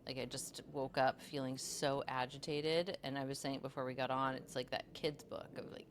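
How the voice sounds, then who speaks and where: A woman's voice: rumbling low, steady tone, normal speed, a little hiss or hum. A young adult woman co-hosting a podcast and coaching, chatting casually, rambling with lots of fillers and swearing freely.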